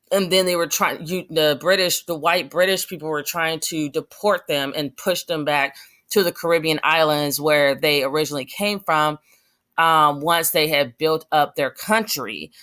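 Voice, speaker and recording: A woman's voice: low voice, unhurried, fairly bright tone. A young adult woman giving passionate, rambling commentary on her vlog, with many fillers and restarts. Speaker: vlogger.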